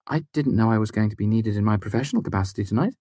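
A man voicing a sharp-tongued young woman physician in an audiobook, speaking dryly and sardonically. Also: fairly low pitch, rapid-fire, no echo, voice pushed up, lightly acted. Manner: dry and sardonic. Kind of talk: audiobook character voice.

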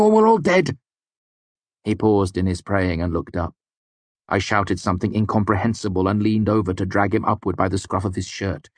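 A man narrating a first-person fantasy story in a measured, grave storytelling manner. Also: low voice, dry recording. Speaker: audiobook narrator.

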